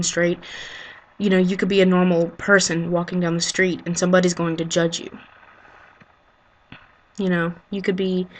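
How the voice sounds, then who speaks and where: A woman speaks straight into a low-grade built-in webcam mic, her voice sitting on the low side and barely moving in pitch. She talks haltingly and with feeling, sighing often and filling gaps with ums and you-knows as she works out what to say. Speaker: vlogger. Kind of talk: unscripted heartfelt monologue to camera.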